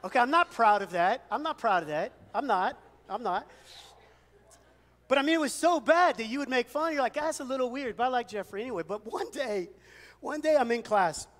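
Preaching from a church sanctuary, a pastor with a fairly high, slightly bright voice shares stories and jokes at his own expense in a conversational sermon. A long hall reverb trails after his words.

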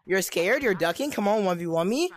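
A young woman hammers out taunting, mock-tough insults in game voice chat. Her pitch sits at an ordinary middle height, and she keeps repeating the same jeering lines. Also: animated, a little fast. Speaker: gameplay streamer. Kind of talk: trash-talking in-game voice chat.

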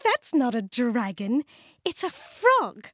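A bright little girl, cheery and giggly but sure of herself, voiced by a woman reader. She talks very high with big swoops of pitch. Every line comes out sunny and know-it-all. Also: very animated, takes it slowly, dry recording, studio quality, heavily acted. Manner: cheery, giggly, matter-of-fact.

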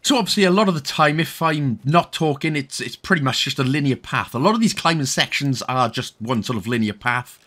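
A man's voice: medium pitch, animated, fairly quick, few pauses, a bit bright. A young Welsh man giving casual, jokey, rambling commentary over a game walkthrough. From Wales. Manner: rambling, jokey, self-correcting.

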